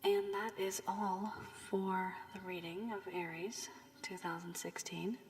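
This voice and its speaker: A woman giving a tarot reading with advice, her voice worn from illness, speaking softly and often half-whispering. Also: medium pitch, fairly even intonation, takes it slowly. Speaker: tarot reader. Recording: long room reverb, faint background hiss.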